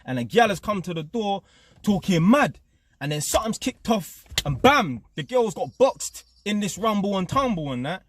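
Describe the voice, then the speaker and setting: A man's voice: sits high, very animated, normal speed, background noise. A young man, ranting his opinions to camera as a channel host in slangy street talk, forever tagging questions onto his lines. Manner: slangy, streetwise, repeats tag questions like innit. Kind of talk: casual opinion rant to camera.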